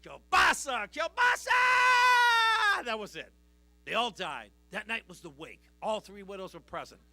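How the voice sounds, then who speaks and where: A man's voice: sits high, expressive, moderate pace, bright, forceful tone, no echo. A man doing stand-up jokes at a charity event, with a brash, punchy delivery. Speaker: stand-up comedian. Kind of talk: stand-up jokes and comic song.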